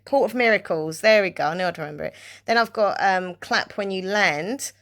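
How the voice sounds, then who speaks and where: A woman's voice: mid-range voice, fairly quick, a bit bright. A woman vlogging in a chatty, rambling way about her reading, with plenty of fillers. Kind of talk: casual chat.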